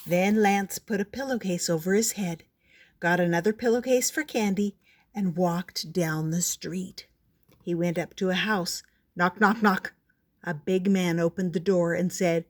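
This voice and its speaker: Slow, gentle grandma storyteller. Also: female voice, fairly low pitch. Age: older. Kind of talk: reading a picture book aloud.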